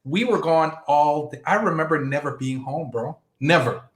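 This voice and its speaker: A man appearing as a guest on a relaxed sports podcast, talking in a chatty way and often checking for agreement. His voice sits a little high for a man, and it comes through an echoey room on a remote call. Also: moderate pace. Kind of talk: casual sports chat.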